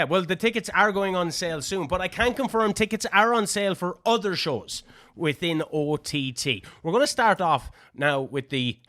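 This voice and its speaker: An Irish man co-hosting a wrestling podcast in casual chat, teasing his co-hosts with quick interjections. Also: on the high side, a bit bright, no room sound, clean studio sound. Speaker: podcast co-host.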